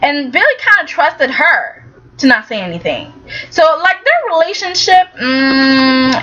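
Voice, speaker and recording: Chatty high-voiced woman recapping episodes. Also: highs cut off. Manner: chatty, animated, tags lines with "okay?". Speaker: soap opera reviewer. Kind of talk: casual vlog recap.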